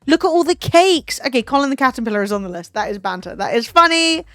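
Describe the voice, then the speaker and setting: A woman's voice: sits high, quick pace, dry recording, clean studio sound. A young English woman streaming, chatting casually with lots of swearing and joking asides. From England. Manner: swears freely, animated and jokey. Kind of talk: casual chat.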